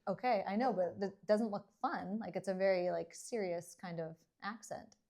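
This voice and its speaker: A woman's voice: mid-range voice, steady tone, normal speed, a little mellow. A middle-aged woman from Canada co-hosts a podcast in easy, casual chat. She answers with dry, teasing remarks and laughs readily. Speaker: podcast co-host, dentist.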